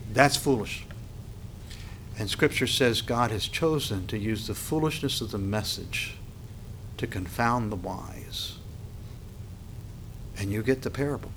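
A man preaching a sermon as a pastor. He rises sharply in pitch and volume when he reads scripture aloud. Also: fairly bright tone, slight background noise.

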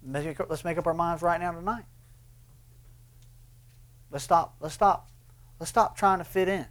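A man preaching a sermon, swinging between loud impassioned bursts and hushed, intense lines. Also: on the high side, a little slow. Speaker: pastor.

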